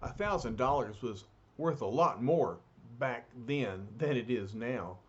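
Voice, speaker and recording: A man's voice: medium pitch, lively intonation, unhurried, highs cut off, slight background noise. A man reading a comic aloud to a child, adding explaining asides. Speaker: reader.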